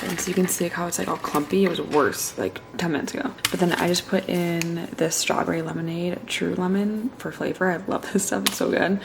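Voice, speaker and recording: A young woman vlogging casually at home while doing chores, chatty and full of likes, often dropping to a soft whisper. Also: lowish voice, gravelly, background noise. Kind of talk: casual vlog chat.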